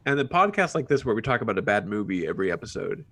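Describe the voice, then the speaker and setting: A man's voice: lowish voice, sing-song, a bit bright. Guy cohosting a movie podcast, laughs a lot, voice bounces all over. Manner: laughs often, halting and wry. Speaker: podcast co-host. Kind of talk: casual chat.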